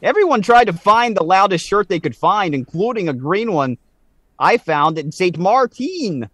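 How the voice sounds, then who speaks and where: A man putting on an exaggerated, deliberately bad French Canadian accent to read out a listener's email on a podcast. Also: high voice, lively intonation, a bit bright, dry recording, pitched above the performer's own voice. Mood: mock-earnest. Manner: hammy, exaggerated put-on accent.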